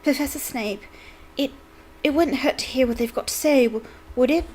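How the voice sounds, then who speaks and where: A woman's voice: high voice, moderate pace, a little mellow, a little hiss or hum, voice pushed up, lightly acted. A woman voicing a breathless, hesitant schoolgirl. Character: timid, clever teenage schoolgirl.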